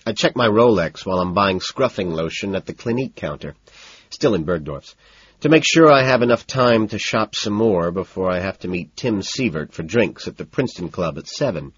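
Husky man narrating in a detached tone. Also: low-pitched, lively intonation, normal speed, lo-fi sound. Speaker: audiobook narrator. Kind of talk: scripted first-person narration.

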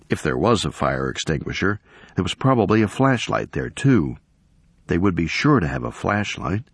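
A man reading a story aloud in measured scripted narration. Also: low-pitched, breathy edge, no echo. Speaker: audiobook narrator.

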